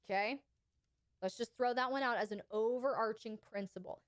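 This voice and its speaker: A woman's voice: on the high side, moderate pace, no echo. A woman coaching her audience in a live Q&A, emphatic and often checking in with "okay?". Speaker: relationship coach and channel host. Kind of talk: live Q&A advice.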